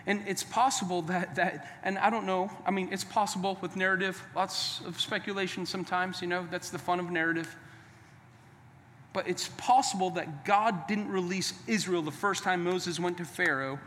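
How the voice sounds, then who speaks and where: A man's voice: high-pitched, steady tone, moderate pace, fairly bright tone, in a large hall, slight background noise. A man preaching a sermon in an emphatic, conversational way, calling on listeners to repeat lines back. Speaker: pastor.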